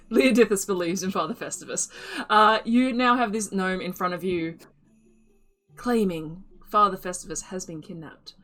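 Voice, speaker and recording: Bright-voiced woman game master. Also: medium pitch, moderate pace, soft background music. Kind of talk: narrating a tabletop game.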